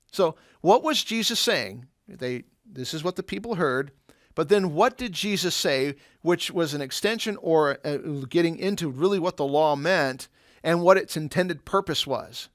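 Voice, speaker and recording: In a laid-back Bible lesson for students, this teacher poses rhetorical questions and illustrates ideas with everyday examples. He speaks a little slowly in a slightly high voice. The audio is close-miked and dry, without any room sound.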